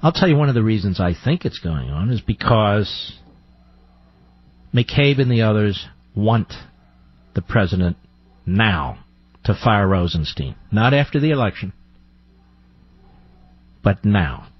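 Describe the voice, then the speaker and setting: A man's voice: lowish voice, sing-song, unhurried, long pauses, breathy edge, no echo, lo-fi sound. A male radio talk show host giving combative, sarcastic commentary, firing off rhetorical questions. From United States.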